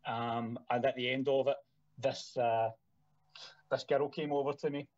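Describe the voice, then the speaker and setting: A man's voice: mid-range voice, fairly even intonation, unhurried, a little mellow, dry recording, dull audio. A Scottish man, a band manager, telling rambling stories in a casual podcast chat, full of fillers and restarts. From Scotland. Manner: rambling storyteller with many fillers.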